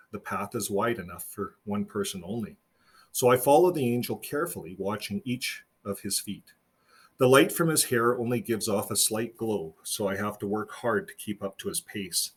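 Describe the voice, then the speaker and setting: A man's voice: fairly low pitch, breathy edge. A man reading his own novel aloud in plain first-person storytelling.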